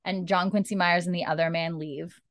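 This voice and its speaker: Woman, casual recap chat, slightly low voice, dry close sound, acts out lines. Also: normal speed, dry recording. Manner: animated retelling, acting out characters' lines. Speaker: podcast co-host recapping a TV episode.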